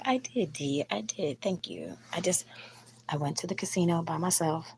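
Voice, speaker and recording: Low-voiced woman venting bluntly while sick. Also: expressive, normal speed, creaky, a little mellow, a little hiss or hum. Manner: blunt, profane, rambling. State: sick with the flu. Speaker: live stream host. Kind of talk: casual live stream venting. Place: at home at night. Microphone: phone.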